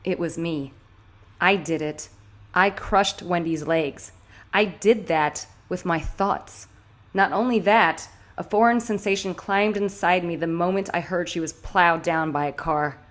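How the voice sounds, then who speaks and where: Low-voiced woman narrating her own novel. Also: unhurried. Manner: tense, intimate storytelling with sudden anxious outbursts. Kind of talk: first-person audiobook narration.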